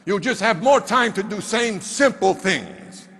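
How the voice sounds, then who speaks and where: Blunt little mentor type voiced by a man, clipped broken phrasing, lively pitch, hall echo. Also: a little slow, slightly rough, heavily acted. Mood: demanding. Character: small insistent male mentor, blunt and demanding.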